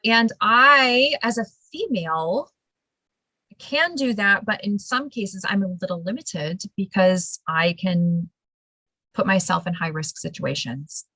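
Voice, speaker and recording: A woman host talks in a lively, emphatic manner through a casual interview, with a medium-pitched voice. Her voice sounds dry and close, with no room around it. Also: slow, dry recording, rough recording. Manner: animated, emphatic storytelling with laughs. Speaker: show host.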